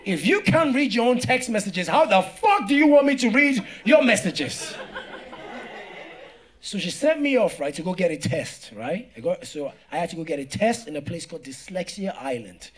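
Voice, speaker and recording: A man from Africa doing stand-up comedy, telling a story in an animated way, laughing and swearing, with frequent "right?" asides. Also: high-pitched, moderate pace.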